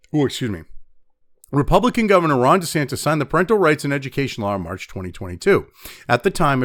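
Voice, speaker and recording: Profane, ranting man with lively pitch. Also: no room sound, clean studio sound. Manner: angry, heavily profane, blunt; reads news excerpts aloud between rants. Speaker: news commentator. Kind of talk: profane ranting news commentary.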